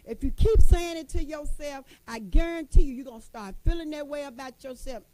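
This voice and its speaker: Folksy high-voiced woman urging listeners on. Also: a little fast, dark tone, poor audio. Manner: folksy and emphatic, repeats phrases, calls listeners honey. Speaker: motivational speaker addressing women. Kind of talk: motivational talk.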